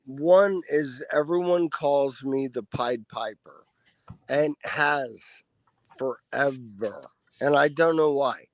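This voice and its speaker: Guest spot: middle-aged man, unhurried and gravelly, relaxed profane storyteller, dry close sound. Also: fairly high pitch, no echo, poor audio. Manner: profane, laid-back anecdotes. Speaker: podcast guest. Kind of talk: casual storytelling.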